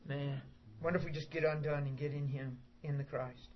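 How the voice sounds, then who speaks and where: Man, middle-aged, preacher, informal sermon, emphatic, animated, slightly high voice, muffled lo-fi recording. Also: a little fast. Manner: emphatic and animated, acts out prayers and quotes. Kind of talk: informal sermon to a small group. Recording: dull lo-fi recording with faint background hiss.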